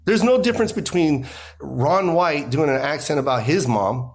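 This man, a comedian appearing as a podcast guest, converses casually yet animatedly, voice rising sharply for emphasis and sprinkled with "you know." He has a fairly high pitch and talks at normal speed.

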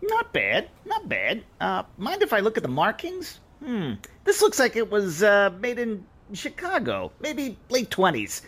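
A man's voice: high voice, huge pitch swings, unhurried, few pauses, a bit bright, heavily acted. A man playing a street-smart New York pawnbroker with a strong New York accent. His voice leaps up and down as he haggles, in an amateur audio comedy. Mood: wisecracking. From Queens, New York. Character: shrewd wisecracking pawnbroker, Looney Louie. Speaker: pawn shop owner.

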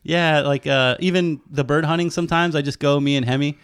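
A man's voice: a little high, steady tone, brisk, smooth, no echo, studio quality. A man in casual chat, a rambling storyteller who swears freely and laughs often.

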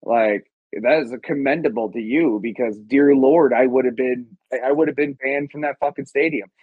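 A man's voice: medium pitch, moderate pace, husky, no room sound, narrow, tinny audio. A man co-hosting a podcast, talking in a casual, profane and emphatic way. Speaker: podcast co-host. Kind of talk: casual chat.

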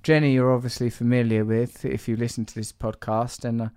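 A man's voice: mid-range voice, level tone, a little fast, a little mellow, smooth, no echo, clean studio sound. A man hosting a podcast in loose, rambling chat, teasing his co-host and laughing often. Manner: playful, teasing, breaks into laughter.

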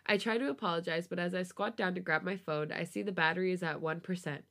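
A woman reading a romance story aloud on a podcast, with a relaxed storytelling voice. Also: fairly low pitch, fast. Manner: laughs often, giggly reactions. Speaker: podcast host reading fan fiction aloud.

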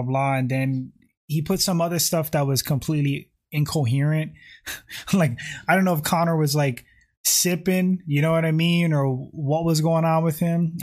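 A man hosting a casual livestream, reading viewer comments aloud and answering them. He rambles, leans on "like" and "you know" a lot, and keeps clearing his throat. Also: a little high, darkish tone. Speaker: YouTube livestream host.

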